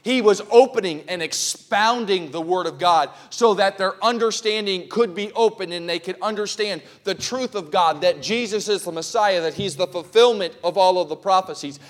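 Man, pastor, church sermon, high voice, impassioned, calls out questions. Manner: impassioned preaching that rises to loud cries; asks the congregation questions.

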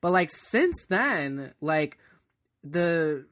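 A man's voice: fairly high pitch, very animated, extremely slow, fairly bright tone, dry recording, studio quality. A man in casual chat about TV storytelling, thoughtful and rambling, with many fillers.

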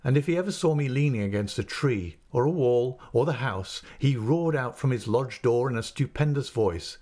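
Guy reading an old novel out loud, steady and expressive, mid pitch. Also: normal speed, few pauses. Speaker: narrator. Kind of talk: reading a classic novel aloud.

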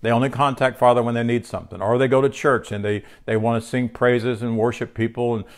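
A man's voice: mid-range voice, fairly even intonation, fast talker. A man teaching a spiritual lesson from his home, speaking conversationally with fillers and restarts, and sounding tired. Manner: conversational, with fillers and self-corrections. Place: home room.

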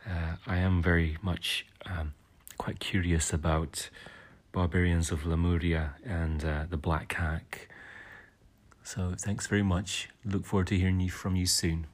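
A man's voice: deep voice, little pitch movement, slow. A man hosting a podcast, answering listener messages in casual chat, hesitant and full of ums and uhs. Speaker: podcast host.

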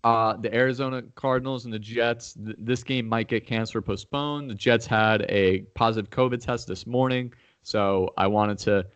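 A man's voice: medium pitch, steady tone, normal speed, hardly any pauses, clear, resonant tone, no echo, dull audio. A man talking casually through football picks, rambling with restarts and getting heated and profane when challenged. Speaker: podcast host making game picks. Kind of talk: casual sports chat.

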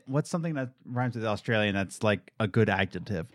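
A man's voice: on the low side, expressive, brisk, no echo, clean studio sound. A man in his late twenties hosting a casual podcast chat, joking around and reading listener comments aloud. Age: late 20s. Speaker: podcast host.

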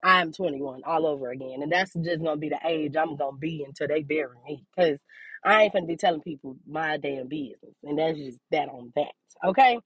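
A woman's voice: low-pitched, brisk, fairly bright tone, breathy edge, dry recording, muffled recording. Sassy, profane young woman. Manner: blunt, sassy and profane, laughs often. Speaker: podcast host giving a life update. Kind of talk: casual monologue.

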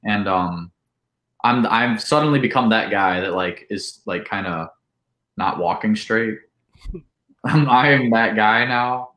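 A man telling a long, animated party story in casual chat, with lots of "like" and acted-out quotes. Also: fairly low pitch, slow pace, echoey room. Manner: animated, full of "like", acts out quotes. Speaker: podcast guest.

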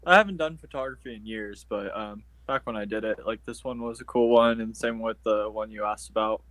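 A man's voice: lowish voice, a little fast, a bit bright, no echo. Easygoing man talking over a video call. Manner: easygoing, hesitant, many ums. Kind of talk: casual video call chat. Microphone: tablet on a video call.

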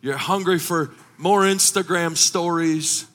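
A middle-aged man preaching a sermon as pastor, impassioned, rising into shouted, sung cadences. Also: a little high, slow pace.

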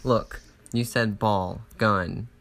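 A man's voice: lowish voice, fairly even intonation, extremely slow, creaky, crowd noise. A man in a casual chat with his partner, playful and teasing, laughing often. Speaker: partner in a couple's game session.

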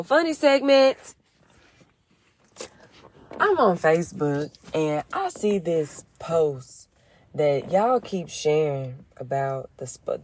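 A woman's voice: low-pitched, a little mellow, a little hiss or hum. A woman chatting casually with her followers, slangy and rambling, full of asides. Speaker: vlogger and small business owner.

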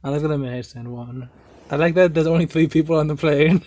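A man's voice: a little high, quick pace, darkish tone. A young man hosting a podcast, chatting casually and enthusiastically about videos with frequent restarts. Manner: enthusiastic, stumbling restarts, laughs often. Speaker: podcast host. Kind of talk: casual chat reacting to videos.

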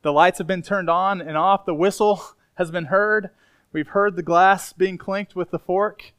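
A male pastor preaching to his congregation in a relaxed, emphatic, conversational way. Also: high voice, unhurried, clear, resonant tone. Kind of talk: sermon. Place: church sanctuary.

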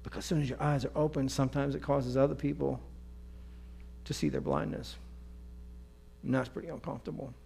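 A man preaching a lively sermon, acting out characters with playful energy. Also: medium pitch, a little fast, vocal fry, long pauses, a little hiss or hum. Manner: animated, playful, acts out voices and laughs. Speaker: pastor.

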